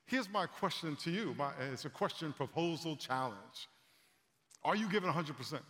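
A man in his fifties delivers a sermon in a conversational, storytelling way, often doubling back and repeating words. His voice sits fairly high for a man. The sound carries a long hall reverb from a large church room. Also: normal speed. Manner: animated storytelling, repeats words, addresses the congregation. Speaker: preacher.

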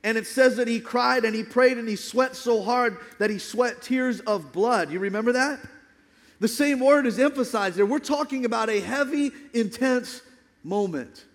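A man preaching a sermon as pastor, emphatic, sometimes dropping to a hushed low voice for dramatic lines. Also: normal speed. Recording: long hall reverb.

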